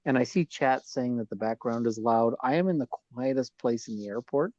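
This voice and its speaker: A man's voice: mid-range voice, a little fast, darkish tone, dry recording, dull audio. Man calling in by phone from an airport. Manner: easygoing, hesitant with fillers. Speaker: lawyer guest on a live stream. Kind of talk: casual chat on a video call. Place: quiet corner of an airport bar.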